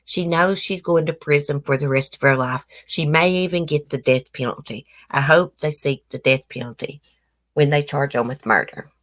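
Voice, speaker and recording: A woman hosts a home livestream in a low-pitched voice with a drawl, a bit bright, at a moderate pace. She reads news items and breaks off into blunt, opinionated asides to her viewers. Her manner is casual, and her face is swollen from a toothache.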